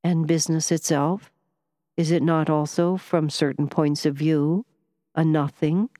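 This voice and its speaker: A woman voicing a calm, serious male wizard and scientist who speaks quietly and in a measured way. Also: deep voice, no echo, clean studio sound.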